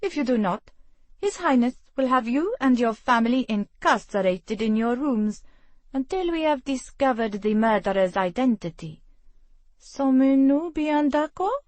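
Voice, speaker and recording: A woman's voice: high-pitched, animated, unhurried, a little mellow, no room sound, pitched above the performer's own voice. A woman voicing a small, officious French mayor who takes charge, reading an audiobook. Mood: commanding. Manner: formal, commanding.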